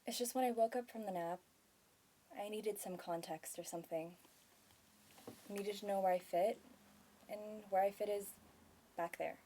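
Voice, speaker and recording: A woman's voice: medium pitch, steady tone, normal speed, pauses often, warm tone, a little hiss or hum, close to an everyday voice. An actress playing an earnest, guilt-ridden married mother who speaks hesitantly, in a stage scene. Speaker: actor in a scene.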